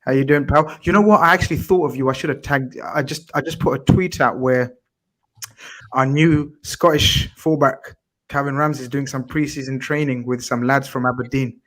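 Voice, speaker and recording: A man's voice: medium pitch, fairly even intonation, moderate pace, a bit bright. A man hosting a casual football chat show, chatty and teasing his guests. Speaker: podcast host.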